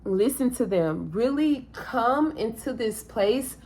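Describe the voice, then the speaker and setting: A woman's voice: on the high side, animated, takes it slowly, darkish tone. A woman tells her own story to the camera in a candid, earnest way. She speaks plainly and casually, using everyday slang. She often turns to address her viewers directly. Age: adult parent. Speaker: vlogger sharing a personal testimony.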